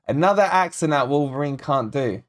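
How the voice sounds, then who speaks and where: A man's voice: on the high side, moderate pace. A man born in Scotland hosting a live football watch-along, chatting and reading out viewer comments and predictions. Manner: chatty, reads out chat names and predictions, excitable. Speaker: fan channel host.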